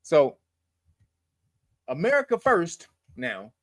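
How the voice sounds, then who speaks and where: A man's voice: a little high, sing-song, slow pace, a bit bright, no echo. Joking, profane man, dry close voice. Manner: loose, profane and joking, laughing at his own lines. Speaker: channel host and commentator. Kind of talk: casual political commentary. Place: lives in California.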